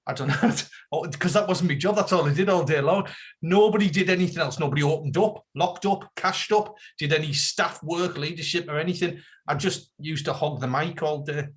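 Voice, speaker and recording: A man co-hosting a casual comedy podcast, playful and quick to laugh. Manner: playful, giggly, lively pitch swings. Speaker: podcast co-host.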